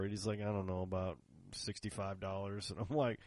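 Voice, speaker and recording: A man's voice: mid-range voice, big pitch swings, normal speed, darkish tone, breathy edge, no echo. A man in casual chat who tells long rambling stories, acts out the other people's lines and laughs often.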